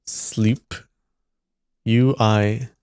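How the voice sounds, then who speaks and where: A man streaming live, thinking aloud and slowly sounding out syllables as he works through a word puzzle. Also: lowish voice, level tone, darkish tone, clean tone, no echo, clean studio sound. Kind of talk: casual muttering while solving a word puzzle.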